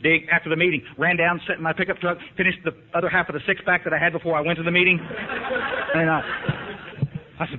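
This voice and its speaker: A recovery speaker with a slightly high voice and little pitch movement talks at a quick pace. He shares his story folksily and with emphasis, regularly checking if the room is following, all heard on tinny lo-fi archive tape.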